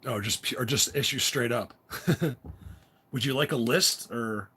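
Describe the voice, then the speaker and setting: A man's voice: mid-range voice, normal speed, bright, forceful tone, slight background noise. A middle-aged man hosting a casual livestream chat, rambling and laughing often as he reads viewer comments. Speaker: livestream host.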